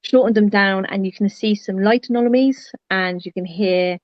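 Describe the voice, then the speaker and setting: A woman's voice: mid-range voice, moderate pace, no echo. Giggly woman co-host, dull dry sound. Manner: giggly, upbeat. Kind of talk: casual live-stream chat.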